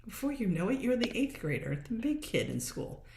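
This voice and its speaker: A woman's voice: fairly high pitch, big pitch swings, normal speed, vocal fry, a little mellow, reverberant, slight background noise. A woman hosting a solo podcast, talking in a casual, encouraging way and acting out little inner voices as she goes. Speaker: podcast host. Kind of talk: motivational solo podcast talk.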